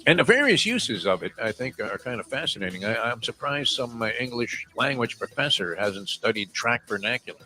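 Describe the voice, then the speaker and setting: An older man hosting a morning radio show, telling rambling stories with lots of "uh" fillers and shouting out quoted lines. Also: mid-range voice, very animated, fairly quick, hardly any pauses. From South Florida resident for over forty years. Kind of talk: casual morning radio chat.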